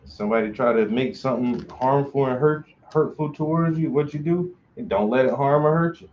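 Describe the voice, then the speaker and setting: A man's voice: medium pitch, a little fast, darkish tone, slight background noise. A man painting on a long live stream, chatting casually in a loose, slangy, joking way. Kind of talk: casual chat while painting. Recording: roomy, dull lo-fi sound.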